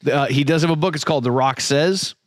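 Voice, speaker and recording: A man co-hosting a podcast in casual chat, dropping wry, deadpan asides. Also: on the high side, a little fast, dry recording, studio quality. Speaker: podcast co-host.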